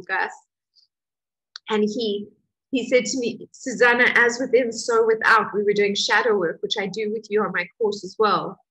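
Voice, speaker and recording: Husky-voiced woman telling her story. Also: medium pitch, low-quality recording. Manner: emotional, animated retelling with laughs. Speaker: healing course teacher. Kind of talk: personal storytelling talk.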